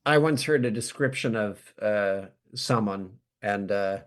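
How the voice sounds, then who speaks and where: A man's voice: fairly low pitch, measured pace. A man guesting on a podcast, chatting casually and telling self-deprecating stories with an American accent. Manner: animated, self-deprecating storyteller who acts out quotes. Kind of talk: casual interview chat.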